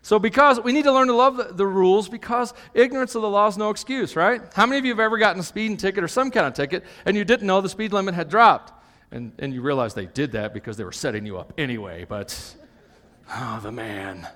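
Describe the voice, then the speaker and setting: A man's voice: high-pitched, quick pace, fairly bright tone. A man preaching a live sermon to a congregation, emphatic, tagging his points with "okay?" and joking asides. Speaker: pastor. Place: church hall with an audience. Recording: long reverb of a church hall.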